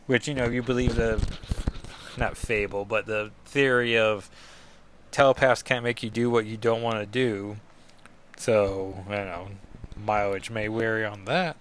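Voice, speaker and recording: A man's voice: on the low side, steady tone, measured pace, fairly bright tone, a little hiss or hum. A man hosting a casual comic book review podcast, rambling and self-deprecating with lots of asides.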